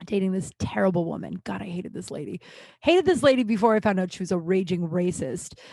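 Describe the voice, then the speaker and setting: A woman's voice: medium pitch, animated, a little fast, gravelly, a little mellow, no echo. Rambling, foul-mouthed woman comic. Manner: rambling, filler-heavy, lots of "like"; swears freely and bluntly. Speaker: comedian and podcast host. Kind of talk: casual comic storytelling.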